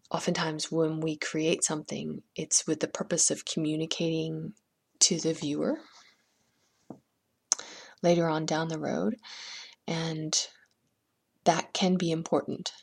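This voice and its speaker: A woman hosting a podcast, chatting with a guest and gently telling a folktale. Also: sits low, vocal fry, husky. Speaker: podcast host and storyteller. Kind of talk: podcast chat and folktale storytelling.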